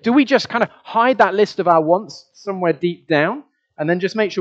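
A man preaching a sermon, talking to the congregation in a chatty way and often putting questions to them. His voice sits a little high for a man. The recording sounds dull and lo-fi. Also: lively intonation, a little fast. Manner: conversational, asks the congregation questions, repeats words.

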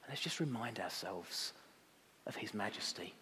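A man preaching a sermon as pastor, rising to impassioned emphasis and dropping to quiet reflection. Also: on the low side, lively intonation, moderate pace, a little hiss or hum. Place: church. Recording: long reverb of a church hall.

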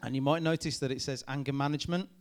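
A man, a youth pastor giving a lively talk to a youth group, checking in with them often. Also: medium pitch, fast talker. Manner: lively, addresses the group with frequent "okay?" checks. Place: room with a live youth audience.

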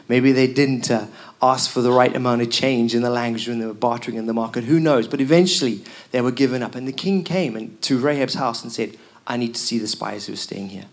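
A man preaching a sermon as pastor, telling the story with emphatic repeated lines. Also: medium pitch.

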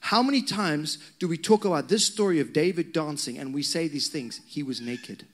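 This pastor has a slightly high voice and talks a little fast. He preaches a sermon built on personal stories, animated in the telling, with conversational asides tossed to the congregation.

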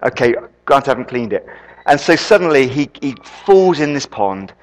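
A man preaching a sermon, an animated storyteller who throws quick asides to the congregation. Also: medium pitch. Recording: long reverb in a hall.

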